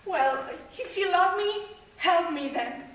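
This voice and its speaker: A woman acting the part of a frightened young bride on stage, talking in quick, impulsive bursts. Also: extremely high pitch, expressive, distant mic, slight background noise, exaggerated voice. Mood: distraught. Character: young bride, frightened, clinging to her father. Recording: echoey stage audio from afar.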